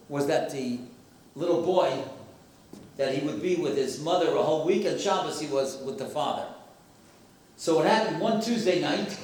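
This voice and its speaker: A man's voice: fairly high pitch, a little mellow. A man giving an emphatic sermon-style talk with stories and rhetorical questions to an audience in a hall. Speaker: speaker at a memorial gathering. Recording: very echoey hall, voice far from mic.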